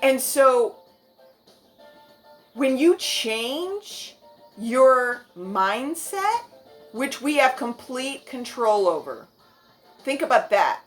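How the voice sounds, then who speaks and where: A woman's voice: sits high, sing-song, extremely slow, long pauses, faint music behind. A woman in her fifties giving a motivational vlog talk to her viewers, earnest and frank with casual language. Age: 50s. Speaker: vlogger.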